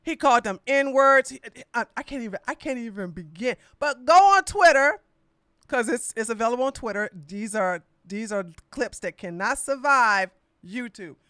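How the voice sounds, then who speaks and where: A woman's voice: a little high, lively intonation, normal speed, a bit bright, clear, resonant tone, no room sound, clean studio sound. A woman hosting a political podcast, talking in a blunt, sassy, mocking way with lots of slang. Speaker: podcast host. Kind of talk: casual political commentary.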